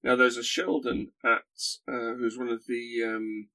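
A man's voice: mid-range voice, steady tone, measured pace, bright, forceful tone. Hesitant, dry-humoured man. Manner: hesitant, dry humorous, many fillers. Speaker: podcast co-host, guest. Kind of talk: casual podcast chat.

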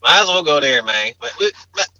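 A man's voice: fairly high pitch, sing-song, fairly quick, sharp tone, no echo, lo-fi sound. A man co-hosting a podcast in casual chat, ranting brashly and crudely and joking as he goes. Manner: brash, profane, joking rants. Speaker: podcast co-host.

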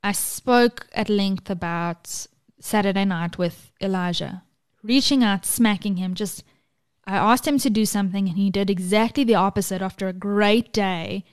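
Woman podcast co-host, near tears, candid and blunt, mid pitch, casual chat. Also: normal speed, clear, resonant tone. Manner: emotional, tearful, frank with swearing. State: close to tears.

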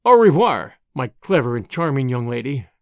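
A man's voice: medium pitch, sing-song, moderate pace, no room sound, muffled recording, pitched below the performer's own voice. A man voicing a blustering, suspicious middle-aged man who snarls and barks his lines in a storybook reading. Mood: curt. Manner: snarling, barking.

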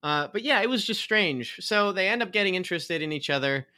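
Brief: male co-host, bright forceful tone, dry close sound, rambling and chuckling through a film recap. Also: high-pitched, animated, a little fast, no room sound. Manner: rambling, laughs often, self-correcting. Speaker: podcast co-host. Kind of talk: casual movie review chat.

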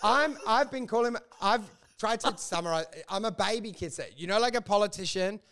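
Brief: podcast co-host, crude and rambling, high pitch with fry. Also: male voice, brisk, fairly bright tone. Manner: crude, rambling, mock-quoting himself. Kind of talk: casual comedic chat.

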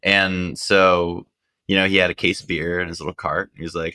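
A man casually telling a story, animated, acting out quotes in high voices. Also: moderate pace.

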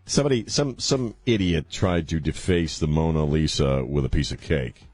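Male talk radio host, deep and husky, mocking and full of laughs. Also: normal speed, darkish tone, no echo, soft background music. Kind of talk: casual radio banter.

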